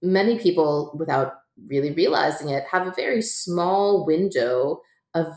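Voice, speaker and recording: Low-voiced chatty woman, echoey room. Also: lively intonation, normal speed, a little mellow. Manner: chatty, laughs often, many fillers like "like" and "um". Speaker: author and guest. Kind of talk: relaxed interview conversation.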